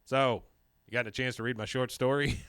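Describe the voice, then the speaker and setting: A man voicing an excitable, paranoid middle-aged male cartoon neighbor, raising his voice a little above his own to quote him. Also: medium pitch, moderate pace, clean tone, no room sound, studio quality, lightly acted. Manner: quoting a cartoon character with a raised, excitable voice.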